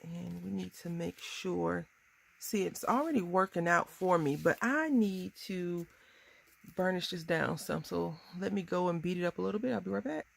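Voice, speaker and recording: A woman in her thirties chatting casually through a crafting tutorial, bubbly and quick to laugh at herself. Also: fairly low pitch, vocal fry. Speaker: crafting vlogger.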